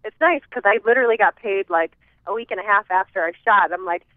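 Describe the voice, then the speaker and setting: A woman's voice: mid-range voice, quick pace, no echo. Giggly woman on a tinny phone line. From American Midwest. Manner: giggly, chatty, trailing fillers. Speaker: guest. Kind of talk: casual interview chat.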